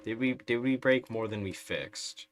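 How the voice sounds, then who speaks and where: A man's voice: mid-range voice, unhurried. A man streaming a strategy game live, chatting through it in a wry, sarcastic way. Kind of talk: live gameplay commentary.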